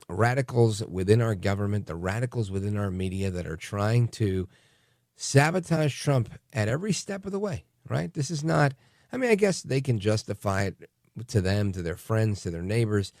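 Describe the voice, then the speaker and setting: Man talk radio host, sarcastic monologue, lively swooping pitch, dry close sound. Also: no echo. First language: English. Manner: animated and sarcastic, mocking voices in quotes.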